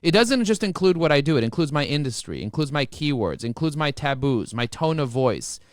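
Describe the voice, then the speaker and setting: A man talking as a podcast guest, emphatic and motivational, often repeating words as he rushes ahead. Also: fairly high pitch, no room sound, studio quality. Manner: repeats words when excited. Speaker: podcast guest, marketing expert. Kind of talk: energetic podcast interview.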